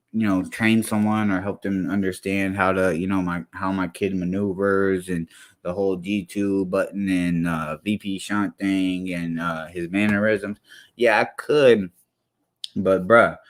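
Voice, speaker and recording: Heated low-voiced man ranting. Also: steady tone, unhurried. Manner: heated, blunt, heavy slang. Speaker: commentary streamer. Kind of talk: profane reaction rant.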